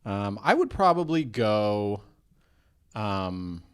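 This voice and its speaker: A man's voice: fairly low pitch, very animated, takes it slowly, clean tone. Jokey young man riffing on a podcast. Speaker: podcast host. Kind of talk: casual comedy chat.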